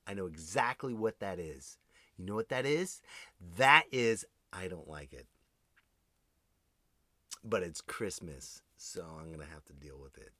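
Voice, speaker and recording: Male podcast host, lowish voice, forceful and ranty, talks straight to his listeners, swears freely, dry close sound. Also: moderate pace, no echo. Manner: animated, ranting, swears freely; addresses listeners directly. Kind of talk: comedic solo monologue.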